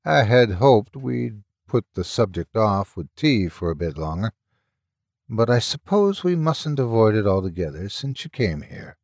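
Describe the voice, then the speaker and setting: A man voicing a very old, kindly British woman with a thick rural accent and a high, squawking voice, read as a horror story. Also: sing-song, unhurried, a little mellow, no echo, clean studio sound, full character voice. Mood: grim. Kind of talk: storytelling narration.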